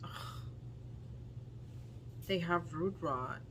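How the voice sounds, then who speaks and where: A woman vlogger doing casual unboxing commentary, talking in a halting, dismayed way with frequent ums. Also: lowish voice, a bit bright, a little hiss or hum. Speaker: plant vlogger.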